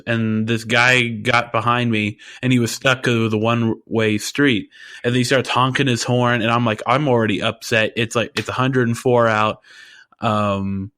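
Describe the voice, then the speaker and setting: Male podcast co-host, mid pitch, relaxed anecdote-teller who laughs a lot. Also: normal speed, clear, resonant tone. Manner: laid-back, laughing storyteller. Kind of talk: casual chat, storytelling.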